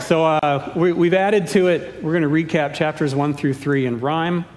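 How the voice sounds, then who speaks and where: A man's voice: steady tone, normal speed, few pauses. A man preaching a sermon as pastor, with playful, self-deprecating humor. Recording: echoey hall with faint rumble.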